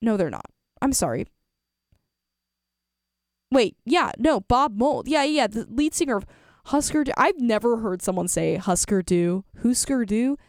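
A woman's voice: fairly high pitch, sing-song, measured pace, long pauses, no room sound, clean studio sound. A young woman, a college radio DJ chatting casually on air, rambling with lots of fillers and self-corrections. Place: radio studio.

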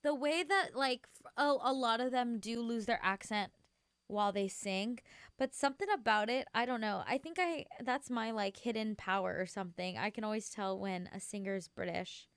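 A woman's voice: on the high side, normal speed, a bit bright, clean tone, no echo, studio quality. A young woman hosting a radio show, chatting casually and rambling between songs while sleepy and yawning, gushing with many fillers. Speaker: radio host.

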